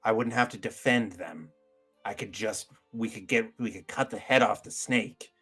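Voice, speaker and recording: A man's voice: fairly low pitch, moderate pace, a bit bright, breathy edge, soft background music. A man voicing a weathered farmer who talks in a subdued drawl. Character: weathered farmer, man, eager fighter held back.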